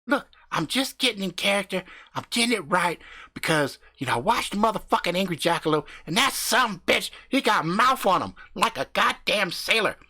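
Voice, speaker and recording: A man voicing a brash, boastful, foul-mouthed husband who talks loud and swaggering, swearing all the time, in an improvised comic story. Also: sits high, animated, brisk, voice pushed up, full character voice. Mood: rambling.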